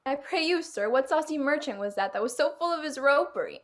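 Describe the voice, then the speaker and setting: A woman's voice: sits high, animated, fairly quick, a bit bright. A woman playing a chatty, fussy old nurse with a teasing, giggling manner in a video-call reading. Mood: bantering. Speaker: actor. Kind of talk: virtual staged reading.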